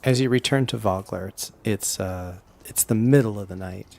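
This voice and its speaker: A man's voice: on the low side, moderate pace, gravelly, a little mellow. A man narrating scenes as game master of a tabletop role-playing game.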